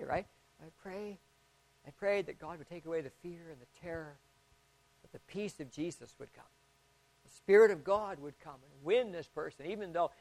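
Folksy pastor telling a story. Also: male voice, on the high side. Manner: folksy, acts out quoted voices, swings from hushed to loud. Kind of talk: sermon storytelling.

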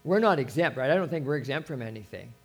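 A man's voice: medium pitch, animated, fast talker. A man preaching a sermon as a pastor, talking conversationally with anecdotes and restarts.

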